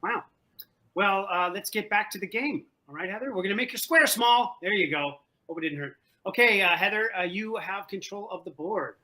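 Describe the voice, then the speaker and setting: A man hosts a trivia game over a video call with a high, bright and lively voice. He jokes with the players and repeats phrases as he goes, keeping the energy up. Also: moderate pace, rough recording. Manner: animated, joking, repeats himself. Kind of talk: playful game-show hosting. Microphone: video call from home.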